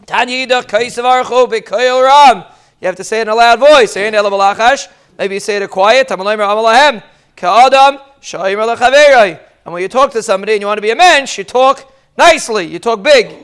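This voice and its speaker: A man with an extremely high, smooth voice leads a live Talmud class. He's lively, tossing joking asides to students, calling on them by name, and mixing Hebrew and Aramaic.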